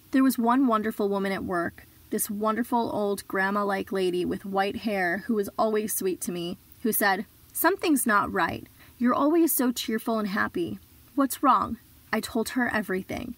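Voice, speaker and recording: Woman telling her own story, earnest, steady, mid voice, dry sound. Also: medium pitch, no echo. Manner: earnest, measured storytelling with sudden shouted quotes. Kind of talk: personal story told live.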